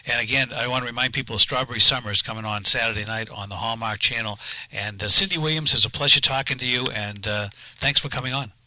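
Fast-talking, bright-voiced radio host. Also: male voice, medium pitch, no echo, rough recording. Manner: brisk, reads listener questions. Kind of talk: radio interview.

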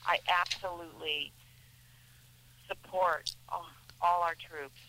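A woman's voice: lowish voice, steady tone, takes it slowly, bright, forceful tone, slight background noise, poor audio. A middle-aged woman, an actress guest in a radio interview, talking in a chatty, rambling way with many restarts.

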